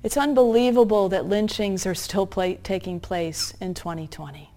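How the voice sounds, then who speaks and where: A woman with a mid-range voice delivers a sermon through a story. She speaks earnestly and slows down to stress her points. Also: medium pitch, mellow.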